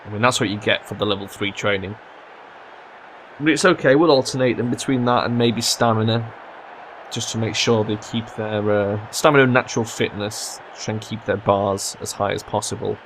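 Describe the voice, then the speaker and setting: A young man commentating his own football management game, swearing and yelling at his players when they mess up. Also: fairly low pitch, fairly even intonation, normal speed, a little hiss or hum. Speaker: gaming commentator. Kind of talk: let's play commentary.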